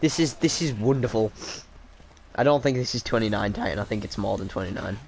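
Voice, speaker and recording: A man's voice: fairly low pitch, lively intonation, brisk, a little hiss or hum. Self-mocking man streaming a game. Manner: self-deprecating, chatting with viewers by name. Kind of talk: casual live-stream commentary while gaming.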